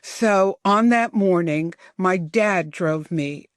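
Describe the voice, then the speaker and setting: A man in his seventies from the New York area, reminiscing in unhurried, detailed storytelling as a podcast guest. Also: high voice, clean tone, dry recording, studio quality. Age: 70s. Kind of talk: storytelling in an interview.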